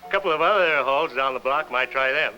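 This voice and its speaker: An actor playing a gruff older doorman at a rehearsal hall, blunt and folksy, in a 1950s television drama. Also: medium pitch, a little fast, bright, forceful tone, faint music behind. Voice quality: folksy, blunt, ungrammatical talk.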